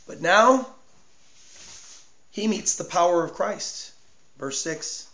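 A man preaching a sermon with passion. He drops to a hush, then builds to a shout, and repeats words for emphasis. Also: high voice, expressive, slow. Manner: impassioned, swinging from hushed to shouting. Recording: echoey room, dull lo-fi sound.

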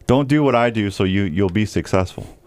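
A man's voice: fairly low pitch, a little fast, a little mellow, no echo. A man hosting a radio talk show, chatting casually in a rambling, jokey way with frequent restarts.

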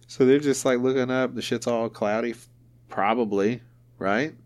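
A man's voice: mid-range voice, steady tone, normal speed. A man hosting a podcast in casual chat, joking around and swearing freely. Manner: profane, joking banter. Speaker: podcast host.

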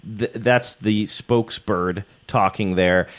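A man's voice: on the low side, fairly even intonation, slow. A man hosting a podcast, chatting casually and joking about old commercials. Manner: playful, joking. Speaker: podcast host. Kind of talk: casual chat.

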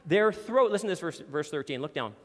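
A man preaching a sermon in a church hall with a screen behind him, earnest and emphatic, slowing down to read scripture. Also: fairly high pitch, lively intonation, a bit bright. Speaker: pastor.

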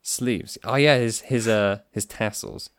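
A man co-hosting a podcast, bantering casually, animated and swearing freely. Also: lowish voice, takes it slowly, clear, resonant tone, no room sound, clean studio sound. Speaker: podcast co-host.

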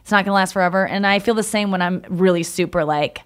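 A woman's voice: medium pitch, quick pace. A woman stand-up comedian in casual conversation, candid and chatty, telling stories and acting out quoted lines. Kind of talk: casual podcast chat.

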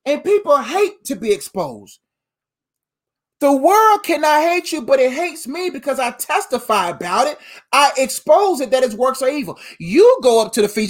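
A woman preaching a sermon in an animated, emphatic way, using slang and calling her listeners "fam.". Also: sits high, normal speed.

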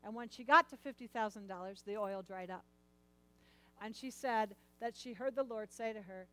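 A middle-aged woman telling a personal story in a sermon, animated and repeating words as she acts out lines. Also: fairly high pitch, normal speed, clear, resonant tone, rough recording.

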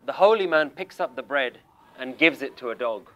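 A man's voice: medium pitch, animated, normal speed, fairly bright tone, faint music behind. A man giving a religious lecture to a seated group, challenging listeners with direct questions and telling a story. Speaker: Sikh lecturer. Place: room with people sitting around.

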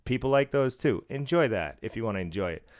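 A man co-hosting a casual podcast, swearing freely and speaking bluntly between bursts of laughter. His voice sits at an ordinary middle pitch. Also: expressive, fast talker. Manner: profane, blunt, laughs often. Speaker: podcast co-host. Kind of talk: casual chat. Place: studio room.

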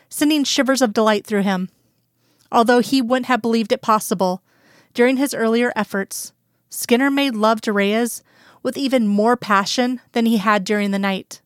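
A woman narrating a romance story aloud in a calm, even storytelling manner. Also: mid-range voice, smooth, dry recording, studio quality. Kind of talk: reading romantic fan fiction aloud.

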